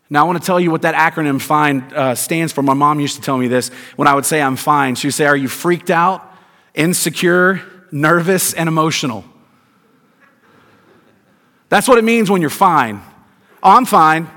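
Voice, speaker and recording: Raised-pitch preacher with hall reverb. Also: male voice, fairly bright tone. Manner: emphatic, rhetorical questions, deliberate stresses. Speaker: pastor. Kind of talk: sermon.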